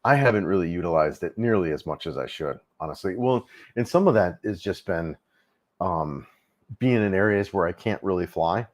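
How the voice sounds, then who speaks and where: A man's voice: low voice, animated, normal speed. A middle-aged man hosting a casual travel livestream, rambling easily with lots of fillers and restarts.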